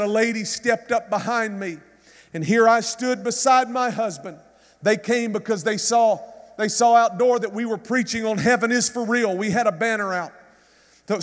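A man's voice: very high-pitched, fairly bright tone. A man preaching a sermon in a church, retelling a story with impassioned, preacherly delivery. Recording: long reverb from a hall.

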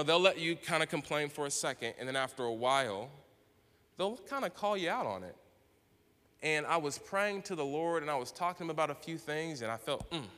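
A man preaching a sermon as pastor, talking conversationally, acting out little dialogues and rising into loud bursts. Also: on the high side. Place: church sanctuary. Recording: long hall reverb.

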